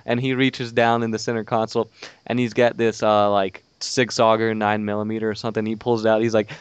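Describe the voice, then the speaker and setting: A young man co-hosts a hunting podcast in casual chat, telling animated stories and swearing freely. His voice is smooth and crisp. The audio is dry and dull. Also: fairly low pitch, fairly quick, no echo. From Georgia. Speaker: podcast co-host.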